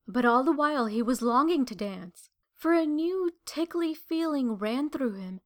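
A woman narrating a children's story aloud in a gentle, measured and expressive way. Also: a little high.

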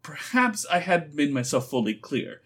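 A man voicing a sly, smooth-talking young man who persuades patiently. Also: fairly high pitch, sing-song, normal speed, a bit bright.

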